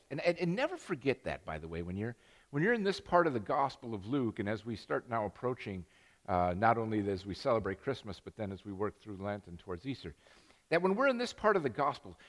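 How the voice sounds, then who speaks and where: An older male pastor preaches in a church sanctuary, his pitch rising and falling with animated swings as he rambles through a story. He restarts his sentences and pokes fun at himself. The voice carries a long hall reverb. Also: a little fast. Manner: self-deprecating humor. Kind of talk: sermon.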